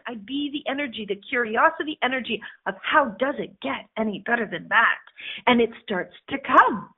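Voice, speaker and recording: A woman hosting a motivational radio show as a life coach, blunt and animated, swearing and laughing as she talks. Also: on the high side, normal speed, breathy edge. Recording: phone-like narrow band audio.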